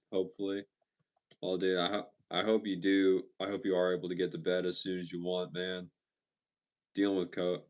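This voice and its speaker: A young man with a low voice hosts a live stream and chats with viewers. He talks in a loose, easygoing way and often restarts sentences partway through. The voice is relaxed, like he is talking to friends. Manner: relaxed, chatty, many restarts and stumbles. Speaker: livestream host. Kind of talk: casual live chat reading viewer comments.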